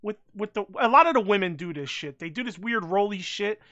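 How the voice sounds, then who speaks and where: Bright-voiced man, blunt podcast chatter. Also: high voice, expressive, a little fast, muffled recording. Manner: blunt, swears freely, rambling restarts. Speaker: podcast co-host. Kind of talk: casual wrestling podcast chat.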